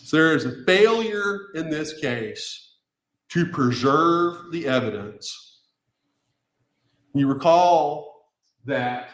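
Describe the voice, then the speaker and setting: A man, a defense attorney, giving an emphatic closing argument to a jury with pointed rhetorical questions, recorded at a courtroom podium mic. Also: mid-range voice. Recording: echoey courtroom.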